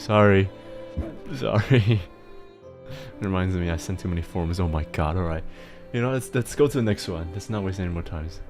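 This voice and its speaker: A young man hosting a casual live stream, rambling, laughing often and swearing freely. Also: low-pitched. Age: young adult. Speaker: streamer host.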